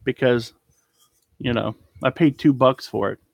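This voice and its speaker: An eBay reseller with a husky mid-range voice, touched by vocal fry, chats a little slowly with fairly even intonation about his haul. Live from a cluttered indoor storage room, he rambles and trails off with ums, with no room sound in the recording.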